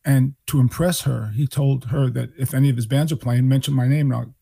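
A man in his sixties from New York, a guest musician telling animated stories and acting out the people he quotes. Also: mid-range voice, a little fast, gravelly, breathy edge. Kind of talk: storytelling interview.

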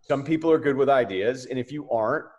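A man in his forties hosting a chat show, telling blunt stories with loud, animated bursts. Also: medium pitch, fast talker, lo-fi sound. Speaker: podcast host. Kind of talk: casual chat.

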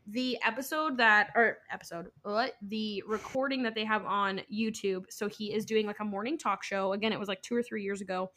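A young woman co-hosting a podcast, retelling a story in a lively, casual way, swearing freely and acting out the people she quotes. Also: mid-range voice. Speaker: podcast co-host.

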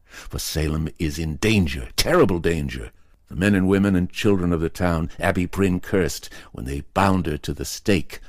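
A man's voice: extremely low pitch, dry recording, studio quality, heavily acted. A man voicing a grave male occult investigator who warns with solemn urgency in an audiobook reading. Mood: urgent. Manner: solemn, pleading and ominous.

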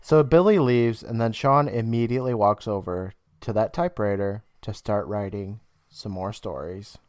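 A man co-hosting a podcast, casually retelling a TV episode with laughter and quick quoted lines. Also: on the low side, a little mellow, dry recording, clean studio sound. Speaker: podcast co-host. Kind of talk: casual recap chat.

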